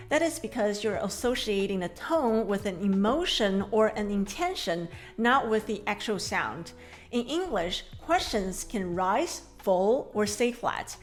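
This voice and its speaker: Woman, Mandarin-native teacher, scripted lesson, clear measured delivery, mid pitch. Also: animated, soft background music. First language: Mandarin Chinese. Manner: clear, measured explanations with slow modeled drills.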